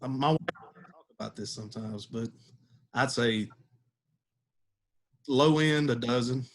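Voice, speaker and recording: A man's voice: mid-range voice, measured pace, a little hiss or hum. A man, a podcast guest telling a story in a laid-back way and laughing as he goes. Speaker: podcast guest, former catcher. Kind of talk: casual storytelling.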